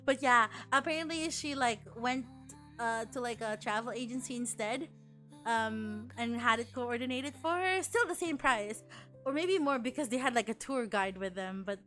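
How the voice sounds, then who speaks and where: A woman's voice: high voice, a little slow, pushed and bright, faint music behind. A young woman streaming as a VTuber, chatting casually, swearing a lot and laughing often.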